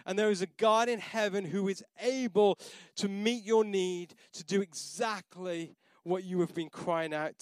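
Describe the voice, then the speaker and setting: A man preaching a sermon as pastor. He moves from soft, near-whispered pleading to loud, rising proclamation. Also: high-pitched, normal speed, smooth, no echo. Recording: live church sermon with band playing behind.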